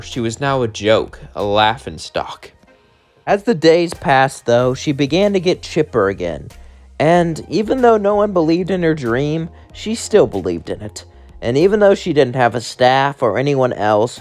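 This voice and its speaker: Rambling man narrating a fan story. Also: medium pitch.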